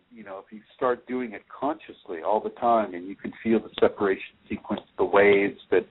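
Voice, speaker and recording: A man hosting a spiritual radio show, speaking straight to the listener and reassuring them as he answers their questions. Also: lowish voice. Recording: tinny phone-line radio audio.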